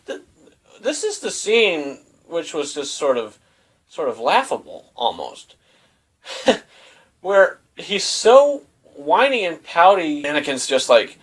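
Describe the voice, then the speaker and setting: A young man casually reviewing a movie, retelling scenes in a rambling, animated way with lots of fillers. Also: a little high, breathy edge, low-quality recording.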